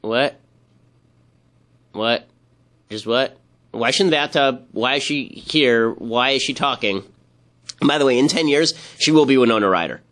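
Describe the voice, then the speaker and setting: A man hosting political commentary, talking with sarcasm and quick mocking asides. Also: medium pitch, fairly bright tone. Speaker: commentary host.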